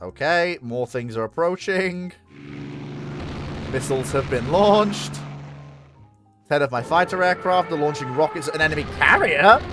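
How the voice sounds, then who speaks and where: A streamer, commenting live on a strategy game and bursting into loud exclamations. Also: mid-range voice, lively intonation, unhurried, pauses often, over music.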